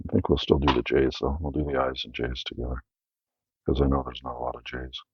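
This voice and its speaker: A man's voice: rumbling low, little pitch movement, quick pace, breathy edge, no echo, lo-fi sound. A Canadian man hosting his own channel, casually rambling through his film collection with many fillers and self-corrections.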